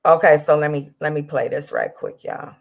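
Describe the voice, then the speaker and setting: A woman's voice: deep voice, wildly swooping pitch, vocal fry. A woman hosting a livestream, ranting angrily at a rival in a combative, profane way. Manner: combative, profane, drawn out then rushed. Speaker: livestream host. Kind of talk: angry livestream rant.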